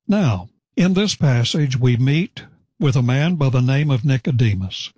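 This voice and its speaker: A man preaching verse by verse, explaining scripture in a measured, deliberate way with pauses. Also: medium pitch, expressive, dark tone, slightly rough, dry recording. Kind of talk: verse-by-verse Bible teaching.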